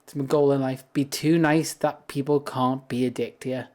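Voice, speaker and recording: A man's voice: mid-range voice, fairly even intonation, moderate pace, a little mellow. A British man chatting casually on a livestream while gaming, rambling and laughing at himself often. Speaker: streamer. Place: home streaming setup.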